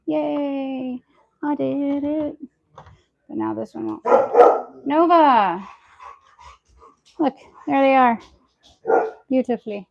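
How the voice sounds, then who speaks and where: Casual, chatty woman who talks to herself and viewers while doing chores at home, raspy gravelly edge. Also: high-pitched, lively intonation, takes it slowly, pauses often, dull audio. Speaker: homestead lifestyle vlogger. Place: at home, indoors.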